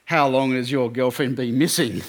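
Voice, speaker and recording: A man's voice: mid-range voice, normal speed, natural voice. A man voicing a businesslike male police officer who asks questions in a matter-of-fact way.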